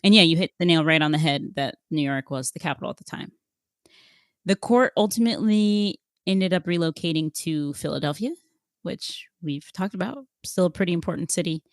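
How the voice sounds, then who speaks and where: Podcast co-host, woman, lower voice, measured explainer who keeps asking her partner questions; dead-dry close mic. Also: no echo.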